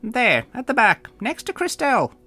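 A man voicing a fussy, half-blind female teacher who speaks high, loud and impatient. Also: wildly swooping pitch, moderate pace, soft background music, full character voice.

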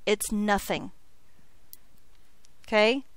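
In a medium-pitched voice that draws out her words, a woman teaches high school algebra in a playful, jokey lecture, regularly checking in with "okay?" No room sound is audible.

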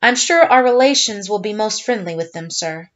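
A woman's voice: medium pitch, lively intonation, moderate pace, close to an everyday voice. A woman voicing a polite young lieutenant giving a deferential report, on a slightly muffled recording.

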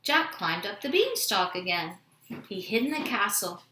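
Woman reading a kids story at home, bright voice, slow and bouncy, echoey room. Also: medium pitch, slight background noise. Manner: expressive, animated reading. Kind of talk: children's story read-aloud.

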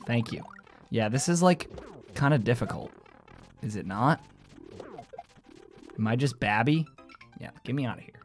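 A man giving live gameplay commentary, joking with his chat and yelling and squealing when things go wrong. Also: medium pitch, normal speed, pauses often, soft background music. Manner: excitable, yells and squeals at game moments. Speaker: gaming streamer.

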